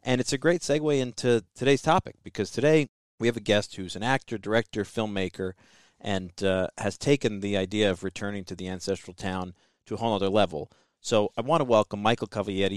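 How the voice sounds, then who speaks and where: A man's voice: lowish voice, no echo, studio quality. A man hosting a podcast, talking in an easygoing, chatty way. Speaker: podcast host. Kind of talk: casual podcast chat.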